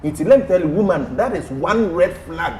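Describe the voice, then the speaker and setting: A Ghanaian man on a talk-show panel hands out advice in an emphatic, preaching way. His fairly high voice swings widely in pitch. The sound is roomy, with a faint hum underneath. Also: lively intonation, normal speed, dark tone.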